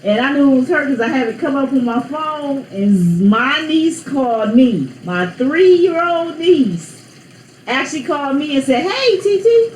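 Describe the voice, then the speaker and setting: A woman's voice: high-pitched, a little slow, slight background noise. Woman vlogging at home, rambly and teasing, echoey room, faint tap running. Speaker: vlog host. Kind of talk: casual chat to viewers.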